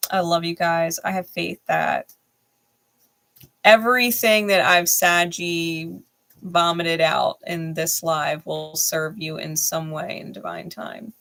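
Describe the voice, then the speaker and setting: Brief: low, gravelly woman reading tarot live, blunt and profane, laughs a lot. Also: level tone, slow, fairly bright tone. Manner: emphatic, repeats phrases. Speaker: tarot reader and channel host.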